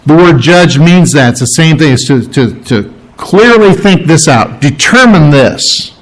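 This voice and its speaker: A man's voice: measured pace, poor audio. A man preaching a sermon to a congregation, teaching from scripture with emphatic rises and restarts. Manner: animated preaching, rising in pitch for emphasis, with restarts. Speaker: pastor. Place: room with a congregation.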